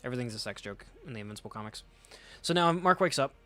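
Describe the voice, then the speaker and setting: A man's voice: mid-range voice, expressive, fast, bright, forceful tone. Joking man riffing through comics. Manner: loose and joking, swears freely, corrects himself mid-sentence. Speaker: comic book reader and commentator. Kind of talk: casual chat while reading comics.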